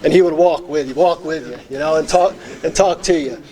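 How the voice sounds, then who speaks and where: A middle-aged former teacher and football coach, inducted into a hall of fame, gives an earnest acceptance speech. He reminisces with many fillers, his voice high-leaning, brisk and dark in tone.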